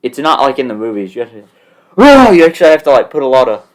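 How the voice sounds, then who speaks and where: A man's voice: medium pitch, very animated, quick pace, poor audio. A young man co-hosting a podcast in casual chat, arguing his points emphatically. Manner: emphatic, argumentative. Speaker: podcast co-host.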